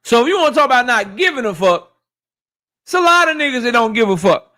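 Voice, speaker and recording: A man with a high, bright, forceful voice hosting a boxing livestream. He rants fast and profanely, answering his chat in a loose, heated commentary style. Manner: animated, profane, rapid rants reading chat.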